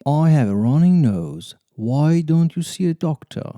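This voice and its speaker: Slow, dark-voiced man reading English drills. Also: fairly high pitch, very animated, dry recording, studio quality. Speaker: English teacher. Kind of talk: slow scripted reading of example sentences.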